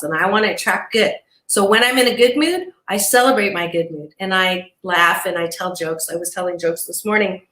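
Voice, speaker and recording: A woman motivational speaker and psychologist giving an animated, emphatic inspirational talk as an interview guest, laughing between points. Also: mid-range voice, echoey room.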